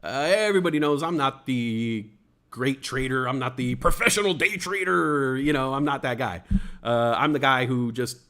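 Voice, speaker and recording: A man's voice: mid-range voice, normal speed, a bit bright. A man hosting a casual livestream talk show, rambling and joking, with many fillers and stuttered restarts. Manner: jokey, playful wordplay.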